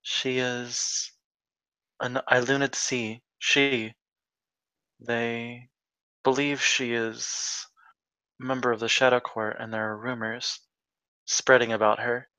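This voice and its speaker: A man voicing a meek young woman, earnest and hesitant, speaking slowly and brightly. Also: medium pitch, flat delivery, clean tone, no echo, poor audio.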